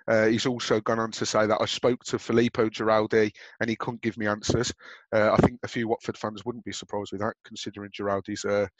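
A man's voice: on the low side, flat delivery, a little fast, dry recording. A man with a Birmingham accent co-hosting a football podcast, chatting casually with frequent fillers and restarts. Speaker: podcast co-host.

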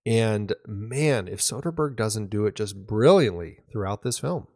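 A podcast co-host talks casually and enthusiastically about a film, often restarting his sentences. His voice is on the low side, animated, a little slow and slightly mellow, with a dry, studio-quality recording.

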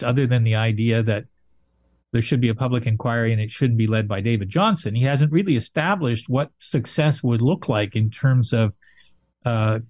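Measured male political analyst, dry sound. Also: mid-range voice, a little mellow, dry recording. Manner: measured, thoughtful, frequent fillers. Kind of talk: casual political commentary.

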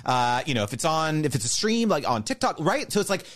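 A man being interviewed on a podcast, explaining step by step in an animated way. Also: a little high, brisk. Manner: animated, explains step by step, mimics others' voices. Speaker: guest, creator business educator.

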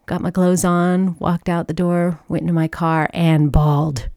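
A woman with a low voice shares a personal faith testimony with her listeners. She tells it earnestly and with feeling, voicing the people in her story. The sound is dry and close, with no room echo. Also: little pitch movement, measured pace, darkish tone. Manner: earnest, emotional storytelling with quoted dialogue. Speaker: speaker sharing a personal testimony.

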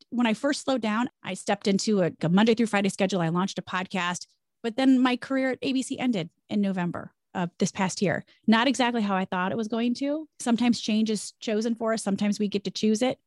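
A middle-aged woman, a former broadcaster, talking about faith and career change in an energetic, emphatic way. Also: medium pitch, fairly quick, no room sound, clean studio sound. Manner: energetic, emphatic, preachy storytelling. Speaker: podcast guest, former broadcaster. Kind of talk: conversational faith-based interview.

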